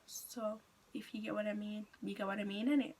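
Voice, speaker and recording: A woman's voice: medium pitch, little pitch movement, brisk, darkish tone. A teenage girl with an English accent telling a casual storytime on her channel, rambling and full of fillers. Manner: chatty, rambling, full of "like" and restarts. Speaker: vlogger.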